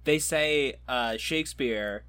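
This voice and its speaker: A man's voice: mid-range voice, slow pace, a bit bright, slight background noise. A man hosting a podcast, chatting in a wry, easygoing way. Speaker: podcast host. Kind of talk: casual chat.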